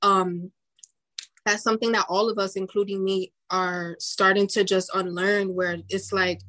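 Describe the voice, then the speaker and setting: A woman's voice: medium pitch, level tone, unhurried, sharp tone. Brief: young adult woman, podcast co-host, earnest and reflective, casual chat. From Dominican heritage. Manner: earnest, reflective, many likes and restarts.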